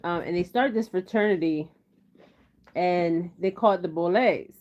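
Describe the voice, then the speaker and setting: Woman tarot vlogger, lower voice, loose rambling chat, dull home-video sound. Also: measured pace, a little mellow. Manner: chatty, rambling, frequent "okay?" tags. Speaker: tarot reader. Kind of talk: casual tarot reading vlog. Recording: slightly dull lo-fi audio.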